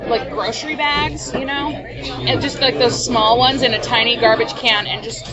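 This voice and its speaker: A woman with a somewhat high voice tells stories over breakfast and acts out other people's quotes as she goes. The recording is dull and lo-fi, with the steady chatter of a crowded cafe around her. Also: moderate pace. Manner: lively storyteller, acts out quotes with lots of "like". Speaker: podcast co-host. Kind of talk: casual chat over breakfast. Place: busy cafe.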